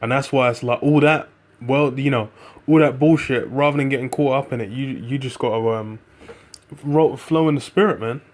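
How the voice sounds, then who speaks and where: A man's voice: medium pitch, moderate pace. A man preaching in a rambling, casual monologue, full of fillers and profanity, quoting scripture. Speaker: religious group member.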